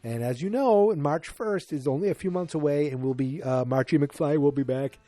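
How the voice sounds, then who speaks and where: Casting: man in his forties, podcast host, rambling and jokey, mellow tone, dry close sound. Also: on the high side, dry recording. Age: 40s. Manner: rambling, jokey, acts out characters in quick bursts. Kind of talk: casual solo podcast recap.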